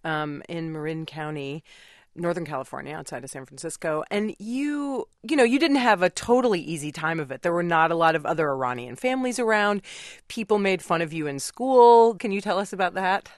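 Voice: mid-range voice, expressive, fairly quick, dry recording, clean studio sound. A radio host introducing and interviewing a guest in a conversational way. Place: radio studio.

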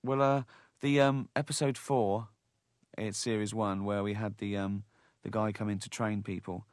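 A man's voice: on the low side, flat delivery, normal speed, no echo, studio quality. A man being interviewed about his comedy writing, telling wry, conversational anecdotes. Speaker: comedy creator, interview guest.

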